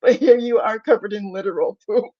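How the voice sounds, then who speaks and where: A woman's voice: mid-range voice, brisk, dry recording, muffled recording. A middle-aged woman co-hosting a podcast, speaking earnestly as she closes out the show with a personal story. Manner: earnest, laughing through tears as she tells her story. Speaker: podcast co-host. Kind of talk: heartfelt personal closing remarks.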